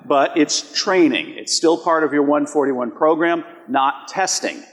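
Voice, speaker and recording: A man with a fairly high voice presents to a conference crowd, chatting through live poll results. He often tosses rhetorical questions at the audience. His voice rings with the long reverb of a large hall. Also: a little slow, few pauses.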